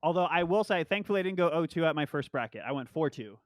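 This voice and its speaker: A man's voice: on the high side, expressive, quick pace, dry recording. Rambling young man, dry close sound. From Long Island, New York. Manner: rambling, loose, swears often. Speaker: guest Smash player. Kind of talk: casual podcast chat.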